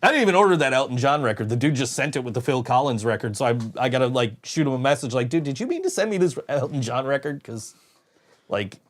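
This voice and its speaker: A man hosting a casual podcast, spinning loose stories with plenty of swearing. His voice sits at an ordinary middle pitch. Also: sing-song, fast. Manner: rambling storyteller, frequent swearing and laughs. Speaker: podcast host. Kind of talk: casual chat.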